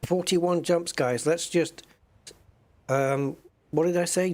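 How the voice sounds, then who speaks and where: His voice is a little high and a little mellow, with fairly even intonation and a slow pace. A streamer at a home desk with a joystick, he plays a space game while chatting casually to viewers he calls "guys," musing aloud and humming during the waits.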